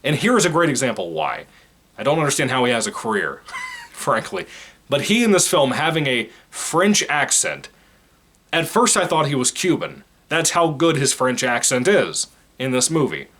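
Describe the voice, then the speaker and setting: A man reviewing a film in an unscripted, rambling monologue. He is blunt and opinionated and swears often. His voice sits at an ordinary middle pitch for a man. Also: big pitch swings, moderate pace, fairly bright tone. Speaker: movie reviewer. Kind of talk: casual spoken film review.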